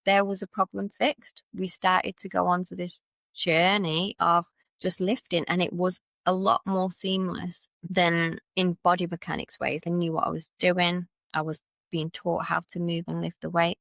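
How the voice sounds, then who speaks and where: A woman from Manchester with a Manchester accent, a podcast guest telling her personal story in an animated way and acting out what other people said. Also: lowish voice, normal speed, gravelly, dry recording, studio quality. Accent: Manchester English. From Manchester, England. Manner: animated, acts out others' lines in quoted dialogue.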